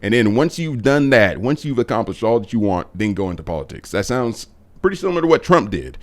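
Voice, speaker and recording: Low-voiced man commentating on politics. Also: sing-song, a little fast. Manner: talks in long, explaining stretches. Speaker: guest commentator. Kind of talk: casual political chat.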